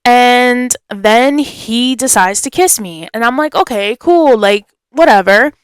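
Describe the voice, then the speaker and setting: A young woman hosting a podcast, telling a story in a chatty, animated way and acting out what people said. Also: on the high side, slow, clear, resonant tone, no echo. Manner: animated, chatty, acts out quotes. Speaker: podcast host. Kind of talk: casual storytelling.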